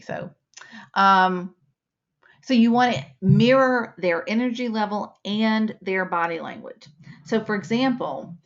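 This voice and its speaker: A woman's voice: mid-range voice, lo-fi sound. A woman instructor giving a live webinar lesson, explaining points with acted-out examples.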